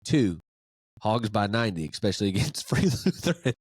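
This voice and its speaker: A man's voice: fairly low pitch, normal speed, husky, no echo. Laughing, incredulous man. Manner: incredulous, laughing, animated ranting. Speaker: podcast host. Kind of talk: casual sports podcast monologue.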